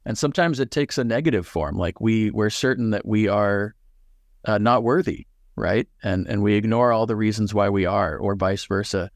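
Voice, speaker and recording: A man's voice: lowish voice, moderate pace, dry recording, clean studio sound. A man speaking in a thoughtful, reflective way as an author discussing his writing on a video call. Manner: thoughtful, many fillers and restarts. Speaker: author and guest. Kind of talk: reflective conversation and reading.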